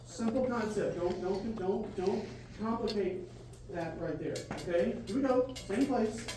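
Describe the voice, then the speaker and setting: A man directing a school band, counting off beats and singing short phrases to demonstrate each note. His voice is unhurried and comes from far across a very echoey room, with steady noise underneath. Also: high voice. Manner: counts off loudly and sings phrases to show them. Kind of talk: rehearsal coaching. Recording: very roomy, distant, noisy.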